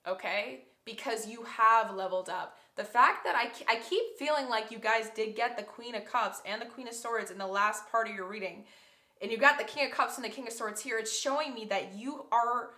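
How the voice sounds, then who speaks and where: A woman reads tarot cards aloud for her viewers, effusive and openly emotional as she goes. Her voice is bright and forward. The sound carries a roomy echo. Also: fairly high pitch, a little fast. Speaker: tarot reader. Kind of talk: pick-a-card tarot reading.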